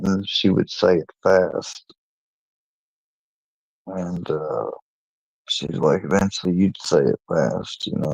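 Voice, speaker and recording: Slow, gravelly man telling a story. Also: deep voice, darkish tone, no room sound, poor audio. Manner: meandering, halting retelling with many restarts. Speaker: channel owner. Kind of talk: casual personal storytelling.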